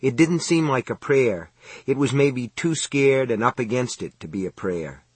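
Male audiobook narrator, husky, dry close recording, steady measured read. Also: mid-range voice, no room sound. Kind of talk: scripted narration.

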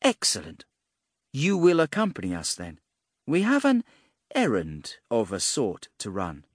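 A man's voice: medium pitch, wildly swooping pitch, measured pace, dry recording, clean studio sound. A man voicing a grinning, scheming mage in an audiobook. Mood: smug.

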